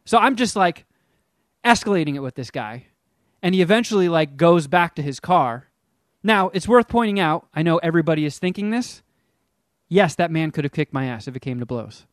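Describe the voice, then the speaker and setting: A man's voice: a little high, animated, moderate pace, no room sound, clean studio sound. Rambling, self-mocking comic storyteller, man. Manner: acts out quotes in character voices. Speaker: podcast co-host.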